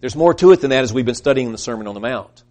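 Preaching with earnest conviction, this man climbs to emphatic high points, then lets his words fade softly while voicing the people he quotes. He has a mid-range, expressive voice and talks in rapid-fire bursts.

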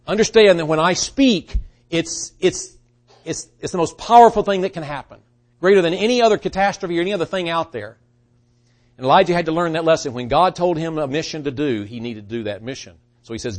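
A man preaching a sermon, swinging from hushed, quiet lines to loud, rising bursts, with halting restarts. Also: a little high, animated.

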